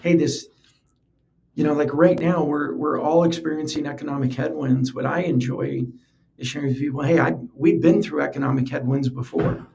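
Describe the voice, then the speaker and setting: This man's voice sits on the high side, with a steady, darkish, creaky tone and a moderate pace. As a podcast host chatting alone, he's earnest and conversational, frequently repeating himself as ideas form.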